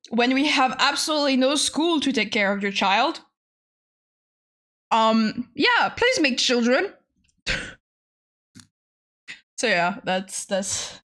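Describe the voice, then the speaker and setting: Giggly, rambling young woman streamer. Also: on the high side. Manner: rambling, giggly, animated exclamations. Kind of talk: casual live-stream chat.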